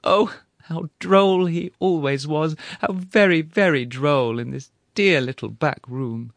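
A man voicing a grieving, sentimental older widow who wails and implores in drawn-out sighs, read as an audiobook character. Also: a little high, vocal fry, no room sound, pitched above the performer's own voice. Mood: lamenting.

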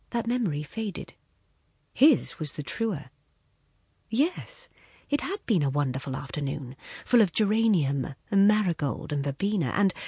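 Woman reading a short story, husky lowish voice, lots of melody, super dry close sound. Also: no echo. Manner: measured, expressive storytelling with soft hushed passages. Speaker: narrator. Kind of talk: audiobook narration.

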